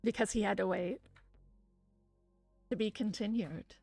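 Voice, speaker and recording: A woman reading a visual novel aloud in a soft, soothing voice, breaking off for casual asides. The sound is dry and close, with faint music underneath. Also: medium pitch, a little slow, creaky, dry recording. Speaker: streamer reading a game aloud.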